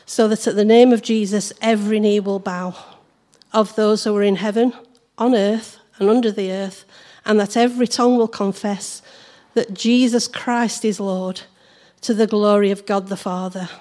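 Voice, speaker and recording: A hoarse woman leading a church service, opening in prayer and reading scripture aloud. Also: mid-range voice, fairly even intonation, normal speed, mellow. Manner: cheerful, prayerful.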